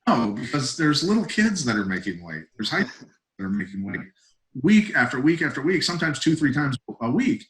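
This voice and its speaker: A middle-aged man, a retired fighter, telling stories as a podcast guest in a blunt, emphatic, animated way. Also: mid-range voice, normal speed, poor audio. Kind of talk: casual podcast storytelling.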